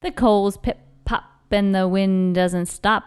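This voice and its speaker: Lady reading a kids picture book out loud, slow and sing-songy, smooth clear voice. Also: mid-range voice. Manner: rhythmic, expressive reading. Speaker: storybook reader. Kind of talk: children's book read-aloud.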